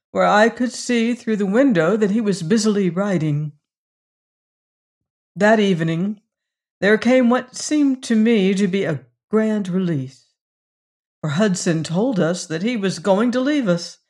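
A reader giving a measured, scripted narration of a period story. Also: medium pitch, darkish tone. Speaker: audiobook reader.

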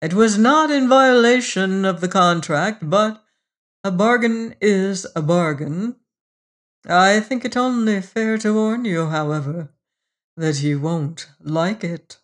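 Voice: medium pitch, expressive, takes it slowly, a bit bright. An audiobook narrator voicing a petulant, scheming devil who speaks in a fussy, pettish and mocking manner. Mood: pettish, sly. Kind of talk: audiobook reading.

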